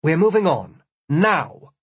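A narrator gives voice to a blunt young woman who speaks in clipped commands. The voice is husky and slightly raised, recorded dry and close. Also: a little high, very animated, a little slow, dry recording, exaggerated voice. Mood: curt. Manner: curt and commanding.

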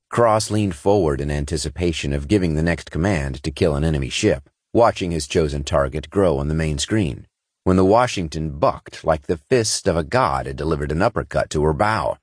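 A man reading scripted narration in a steady, measured way from a close studio mic. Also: rumbling low, husky, no room sound. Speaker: audiobook narrator. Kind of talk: scripted science fiction narration.

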